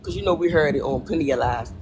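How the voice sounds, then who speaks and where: A man's voice: fairly high pitch, quick pace, noisy background. A man hosting a podcast, asking casual, probing questions. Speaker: podcast host. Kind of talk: podcast discussion.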